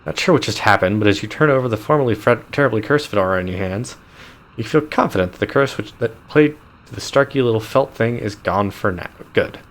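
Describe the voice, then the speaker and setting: A man's voice: on the low side, lively intonation, brisk. A man streaming a game live, reading the game text aloud with amused asides and chuckles. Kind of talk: live gameplay commentary.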